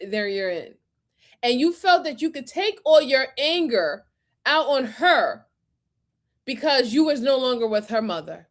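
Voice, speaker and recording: A woman reacting to crime footage in a heated, emphatic way, cursing often and near tears with fury. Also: high-pitched. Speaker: video commentator.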